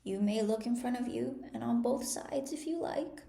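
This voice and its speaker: A woman voicing a prim, testy old female sheep who keeps a shop, speaking in a drawn-out, pernickety way. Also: on the high side, creaky, dark tone, reverberant, pitched above the performer's own voice. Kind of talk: storybook read-aloud.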